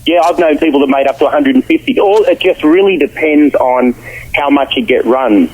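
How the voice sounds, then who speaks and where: A man, a radio guest telling animated stories in slangy talk over the phone. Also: on the high side, brisk. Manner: animated, acts out quotes, slangy. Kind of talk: storytelling in a radio interview. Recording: phone line.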